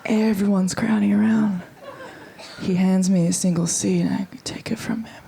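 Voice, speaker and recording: A young Australian woman works a comedy stage with brash, animated energy, swearing freely as she talks. Her voice sits at a middling pitch for a woman. A faint background hiss runs under the recording. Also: normal speed, vocal fry, rough recording. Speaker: stand-up comedian. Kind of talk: stand-up comedy.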